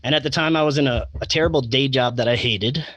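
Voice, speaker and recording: Guy guesting on a podcast, mid-pitch, rambly, lots of ums, dry close sound. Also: fast, fairly bright tone, dry recording. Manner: rambling, full of fillers and restarts, with chuckles. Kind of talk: casual interview storytelling.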